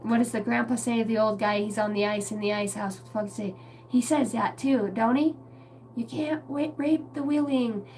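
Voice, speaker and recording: A woman's voice: medium pitch, steady tone, brisk, darkish tone, a little hiss or hum. Blunt, profane woman reading tarot. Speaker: tarot card reader. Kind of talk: casual livestream reading.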